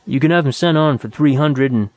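A man's voice: a little high, fairly quick, a little mellow, no echo, natural voice. A man voicing a lazy, sly young clerk in a storybook reading, talking in a casual, offhand drawl.

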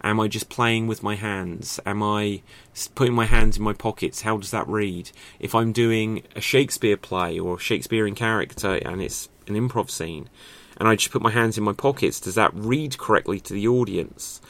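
A man with a fairly low voice teaches acting in a loose, chatty way. He keeps asking rhetorical questions and thinks out loud, with plenty of fillers along the way. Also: normal speed. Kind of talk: casual spoken lesson to camera.

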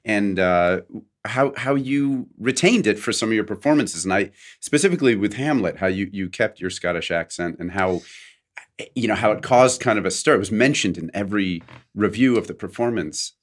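A man's voice: lowish voice, expressive, moderate pace. A man interviewing a guest, asking eager, wordy questions full of fillers. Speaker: interviewer host. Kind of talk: interview conversation.

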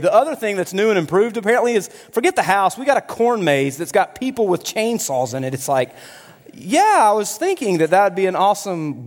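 A man preaching a sermon as pastor, telling stories with playful humor and lively delivery. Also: high voice. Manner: animated storytelling with playful humor. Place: church hall. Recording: long hall reverb.

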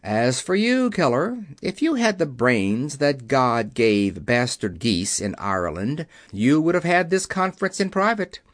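Man playing a calm boss engineer, quiet but firm, lively pitch. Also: a little slow, few pauses, no echo, clean studio sound. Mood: commanding. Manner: quiet, cutting, authoritative. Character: calm authoritative male engineer chief, commanding.

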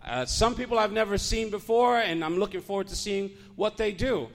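A man's voice: high voice, a little fast, vocal fry. A Puerto Rican man hosting a live stand-up comedy show, telling jokes and laughing along at his own material. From Puerto Rico. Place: comedy club stage.

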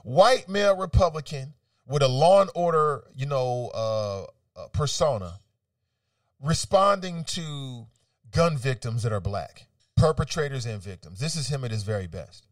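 A man's voice: medium pitch, measured pace, no room sound, studio quality, recorded from a distance. Argumentative male talk radio host. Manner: animated, argumentative, reads quotes then rebuts them. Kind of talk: opinionated talk radio commentary.

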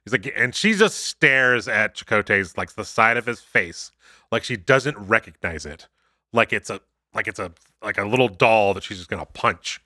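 Animated man recapping an episode. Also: lowish voice, no echo, studio quality. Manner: animated, acts out characters' lines in quick retelling. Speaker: podcast co-host. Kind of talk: casual recap chat.

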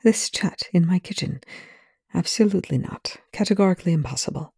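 A reader voicing a dry, sardonic male scientist in a fan fiction reading, with clipped, precise lines often dropped soft. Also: mid-range voice, fairly quick, vocal fry, husky, dry recording.

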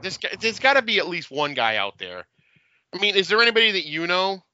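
A man's voice: high voice, sing-song, fairly quick, pushed and bright, dry recording, muffled recording. A man co-hosting a casual movie commentary, joking, laughing and quoting lines. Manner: jokey, laughs a lot, quotes lines. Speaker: podcast co-host.

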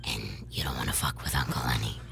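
A woman's voice: rumbling low, fairly even intonation, quick pace, creaky, fairly bright tone, a little hiss or hum, pitched below the performer's own voice, full character voice. A woman voicing a secretive, foul-mouthed male uncle with a Boston accent, in a whispered role-play. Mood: menacing. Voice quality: whispered, unvoiced. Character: swearing gruff Boston uncle, secretive, tough.

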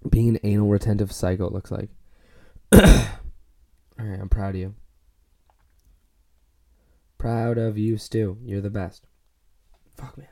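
A man's voice: fairly low pitch, mellow, no room sound. A young man from Canada hosting a solo podcast from his bedroom, telling rambling, profane, self-mocking stories. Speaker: podcast host. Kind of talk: casual solo podcast monologue.

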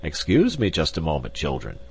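A man's voice: rumbling low, wildly swooping pitch, brisk, slight background noise, exaggerated voice. A man reading an audiobook, voicing a fussy, absent-minded old male professor who clucks "tut, tut". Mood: flustered.

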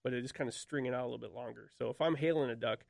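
A man talks fast and folksy as an expert guest, his voice gravelly and his words tumbling out. The recording is close and dry. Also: mid-range voice, dry recording. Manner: quick, folksy explainer who demonstrates calls aloud. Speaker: duck-call expert guest. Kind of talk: casual podcast conversation.

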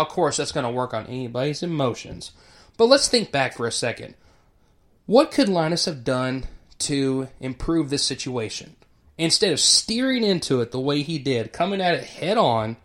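A man, an educator, giving casual commentary in an explanatory, teacher-like way, chuckling now and then. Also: a little high.

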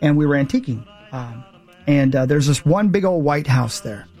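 A man's voice: a little high, expressive, normal speed, warm tone. A man in his forties, a morning radio host, telling a rambling, emphatic story with self-mocking asides. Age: 40s. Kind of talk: casual morning radio chat.

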